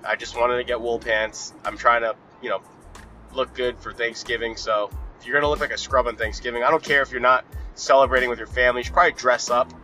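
A man's voice: medium pitch, level tone, fast, pushed and bright, faint music behind. Blunt, profane man rambling from his car. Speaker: podcast host. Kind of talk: casual rambling monologue. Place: in a car while driving.

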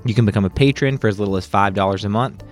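A man's voice: lowish voice, racing, soft background music. A young man hosting a podcast, talking candidly to his listeners in a chatty outro. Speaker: podcast host.

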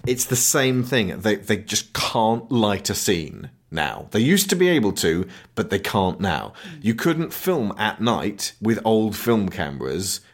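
Man, deep voice, very animated pitch, sarcastic film recap, mocking impressions, casual chat. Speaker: film podcast host.

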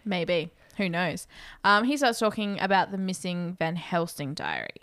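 A woman's voice: fairly low pitch, very animated, moderate pace, a bit bright, no room sound, studio quality. A woman co-hosting a casual movie recap, hesitant with many ums but matter-of-fact. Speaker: podcast co-host.

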